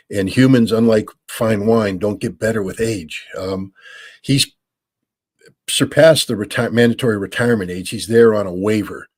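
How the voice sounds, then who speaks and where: An American man in his sixties, a former weapons inspector answering call-in questions in a measured, explanatory way with many ums and restarts. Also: on the low side, a little mellow, no echo. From United States. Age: 60s.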